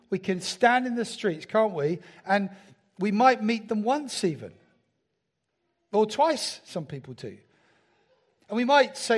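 A man preaching a sermon in a church, talking conversationally and asking the congregation rhetorical questions. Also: high voice. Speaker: pastor.

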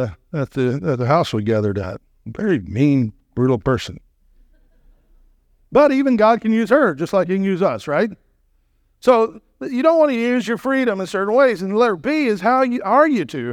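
A man preaching as a guest speaker, animated and emphatic, with joking asides to the congregation. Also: fairly high pitch, no echo, studio quality. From Southern California. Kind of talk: sermon.

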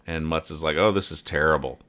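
Bright-voiced joking male podcast host. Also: very deep voice, brisk. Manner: jokey, trailing off, reads comic lines in silly voices. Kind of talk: casual comedic comic-strip reading.

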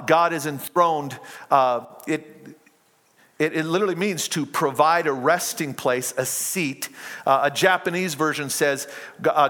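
A man preaching a sermon, his fairly high voice carrying with a long reverb that trails after each phrase. He reads scripture aloud, climbs to impassioned cries and then sinks back to a low, quiet delivery. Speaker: pastor.

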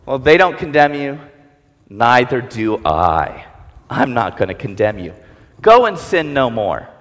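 A man voicing Jesus as a calm, forgiving man who speaks slowly and softly in a low voice. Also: gravelly. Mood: gentle. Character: gentle calm adult male Jesus, forgiving. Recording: long hall reverb.

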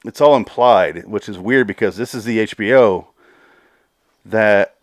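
A man's voice: on the low side, unhurried, no echo. Casting: male podcast host, solo review, rambling and profane, dry close sound. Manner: rambling, profane, exasperated rants.

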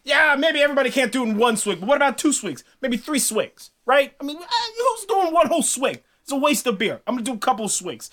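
Casting: cocky hothead thunder god, slangy, lively delivery, played by a man. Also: very high-pitched, fast, hardly any pauses, pitched above the performer's own voice, heavily acted. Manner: slangy bro talk. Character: brash cocky male god of thunder, hot-tempered.

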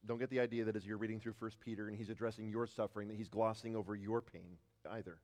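A man preaching a sermon as pastor, often repeating words as he restarts, rising to loud declarations and dropping to hushed tones. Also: on the low side, level tone, quick pace, big-room sound.

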